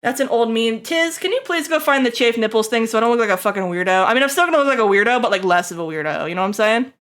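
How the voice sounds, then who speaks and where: A woman's voice: fairly high pitch, animated, very fast, a bit bright. A young adult woman streaming, chatting casually to her viewers in a rambling way, swearing freely and laughing often. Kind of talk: casual live-stream chat.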